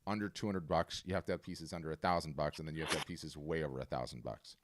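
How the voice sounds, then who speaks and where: A man's voice: rumbling low, fairly even intonation, fast talker, background noise. A man hosting a webinar on a video call, coaching an artist in a casual, emphatic way and often repeating his words. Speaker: webinar host and art business coach.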